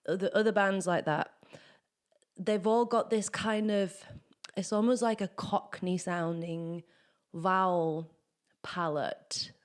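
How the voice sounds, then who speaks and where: A woman with a clean, lowish voice teaches singing. She explains technique conversationally and breaks into sung exercises as demonstrations, the way a vocal coach would.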